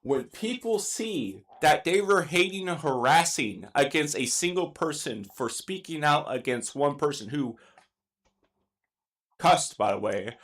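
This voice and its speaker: A man's voice: fairly high pitch, very animated, a little slow, a bit bright. A young man ranting in exasperated, emphatic commentary, swearing now and then as he argues his point. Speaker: streamer giving commentary.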